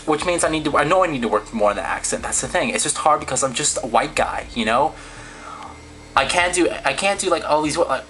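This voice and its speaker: A man's voice: a little high, expressive, a little fast, pushed and bright, low-quality recording. A man talking candidly in a casual vlog, rambling and reading out viewer comments. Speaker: vlogger.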